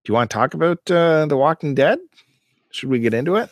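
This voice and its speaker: A man co-hosting a podcast in casual chat, who bursts into animated, exasperated rants. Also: a little high, fast, no echo. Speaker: podcast co-host.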